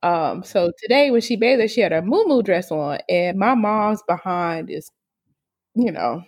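A woman co-hosting a casual chat, telling a family story with lots of laughter, cursing and loud exclamations. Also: a little slow. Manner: animated, laughing often, swearing, high-pitched exclamations.

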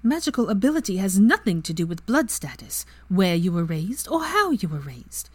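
Reading a fan story, a woman performs a fierce, clever young witch at a higher pitch and greater volume than her narrating voice. The delivery is sing-song at a normal speed.

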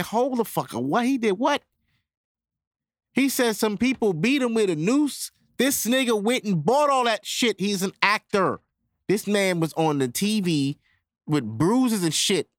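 A man's voice: high-pitched, expressive, moderate pace, a bit bright, dry recording, clean studio sound. A man hosting his own podcast, ranting casually and profanely straight to his listeners. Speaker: podcast host. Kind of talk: casual solo podcast rant.

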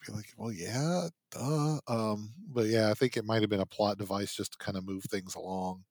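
A man hosting a casual movie podcast in a relaxed way, prompting his co-hosts. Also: lowish voice, fairly quick, no room sound, studio quality. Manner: relaxed, prompting others, chuckling. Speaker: podcast host. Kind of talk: casual movie review chat.

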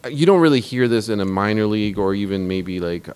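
Male podcast co-host, lowish voice, easygoing, quick to laugh and react. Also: expressive, a little mellow, clean tone. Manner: attentive listener, laughs easily, short reactions. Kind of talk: casual chat.

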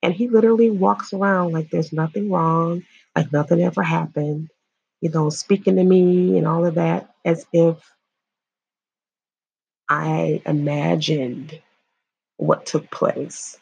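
A woman from Illinois giving earnest personal testimony, halting and repeating herself as she speaks to viewers. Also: deep voice, steady tone, gravelly, a little mellow, husky, lo-fi sound. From Illinois, USA. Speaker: survivor sharing her story.

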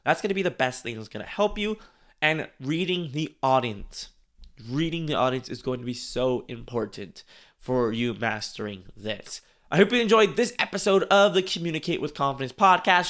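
A man's voice: mid-range voice, expressive, normal speed, fairly bright tone. A man hosting an instructional podcast, talking casually and repeating phrases for emphasis as he demonstrates speaking techniques. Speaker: podcast host and speaking coach.

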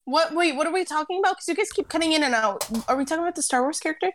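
A woman joining a podcast chat from a distance, asking quick, confused questions. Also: high-pitched, fairly bright tone, no echo, studio quality. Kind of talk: casual chat.

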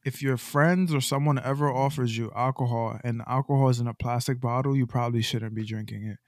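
A man's voice: medium pitch, steady tone, fairly quick, no room sound. A man co-hosting a sports podcast, giving predictions and dry jokes. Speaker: podcast co-host. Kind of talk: casual sports chat.

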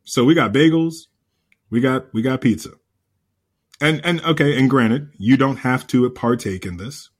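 A man co-hosting a podcast in casual chat, an animated storyteller who repeats himself and swears freely. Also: mid-range voice, normal speed. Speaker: podcast co-host.

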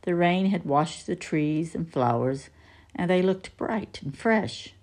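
A woman reading a children's book aloud in an expressive way. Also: on the low side, takes it slowly. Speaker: storybook reader.

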